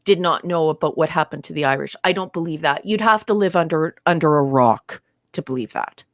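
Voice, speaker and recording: A woman's voice: low-pitched, fairly quick, no echo, clean studio sound. Female podcast co-host, emphatic, affirming, reads comments aloud. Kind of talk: casual review chat.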